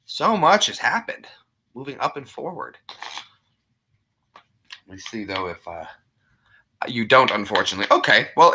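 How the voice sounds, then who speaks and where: A man's voice: mid-range voice, sharp tone. A man hosting a casual live stream, rambling and chatty as he greets viewers by name and reads trivia questions. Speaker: livestream host.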